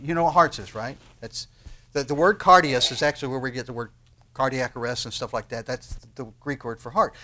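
Animated preaching man, high voice. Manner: animated preaching, rhetorical questions, voice rising for emphasis. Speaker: pastor. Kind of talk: sermon.

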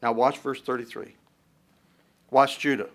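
A man of ordinary mid pitch delivers a sermon, reading scripture aloud verse by verse. Between readings he talks it through in a loose, conversational way, restarting phrases as he thinks. On the quoted lines his voice climbs and presses harder. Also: little pitch movement, measured pace, a bit bright. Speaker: preacher.

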